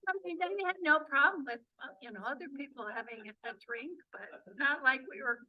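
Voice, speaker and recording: Slow, bright-voiced woman presenting. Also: high voice, a little hiss or hum. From Detroit area, Michigan. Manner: chatty, many fillers and restarts. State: hoarse, losing her voice. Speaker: presenter and journey coordinator. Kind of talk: club meeting presentation. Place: meeting room. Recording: voice picked up from a distance.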